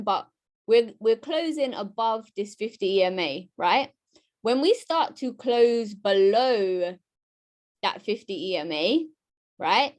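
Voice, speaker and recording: A woman giving a live-streamed trading lesson, lively and chatty, talking straight to her viewers and often asking "right?". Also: fairly high pitch. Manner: talks straight to her chat audience. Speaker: trading educator.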